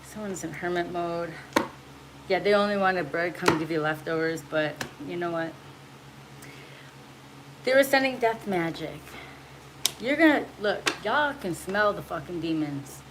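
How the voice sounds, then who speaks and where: A woman's voice: fairly low pitch, lively intonation, unhurried, pauses often. A woman giving a spiritual message in a casual livestream, blunt and preachy, swearing freely. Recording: noisy home recording.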